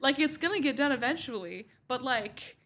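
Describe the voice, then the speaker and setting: Young woman cohost, higher voice, super casual, says like a lot. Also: lively intonation, normal speed, a bit bright. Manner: casual, lots of "like" and "you know". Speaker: podcast co-host. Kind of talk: casual chat.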